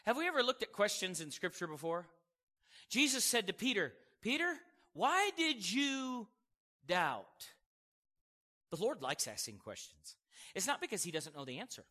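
A male preacher delivering an animated sermon, asking the congregation questions and acting out scripture voices. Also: high-pitched, fairly quick. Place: church hall. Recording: echoey hall reverb.

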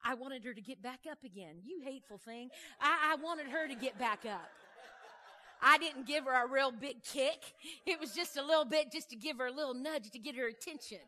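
A woman preacher with a slightly high voice delivers a sermon as a story. She talks in a lively, chatty way, uses folksy turns of phrase and keeps throwing questions out to the congregation. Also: a little fast. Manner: animated, conversational, asks the crowd questions.

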